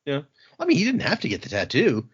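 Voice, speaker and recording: A man's voice: on the high side, huge pitch swings, fast talker, slightly rough, dull audio. A man hosting a podcast, casually retelling book scenes and acting out the characters' quoted lines. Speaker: podcast host.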